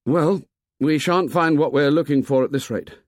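A man reading aloud, voicing an excitable, boastful schoolboy who keeps insisting on his own success. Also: a little high, normal speed, dry recording, studio quality, voice pushed up, close to an everyday voice. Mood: firm. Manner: eager, insistent, raised voice.

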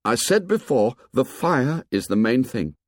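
A man voicing an exasperated boy chief who argues forcefully and insists. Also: mid-range voice, big pitch swings, measured pace, dry recording, studio quality, pitched above the performer's own voice. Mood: urgent.

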